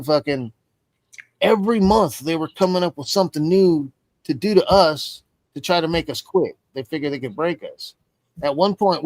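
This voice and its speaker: A man with a fairly high voice, heard up close and dry with no room echo. He tells a long story in loose, swear-filled chat, jumping between his own words and the voices of the people in it. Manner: profane, rambling, acts out quoted voices. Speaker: stream host.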